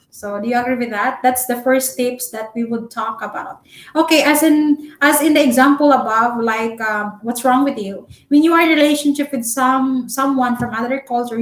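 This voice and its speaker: A young Filipino-accented woman, a Cebuano speaker, giving relationship advice in a chatty, loud-spoken live-stream vlog full of fillers. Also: on the high side. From Philippines. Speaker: vlogger. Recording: echoey room.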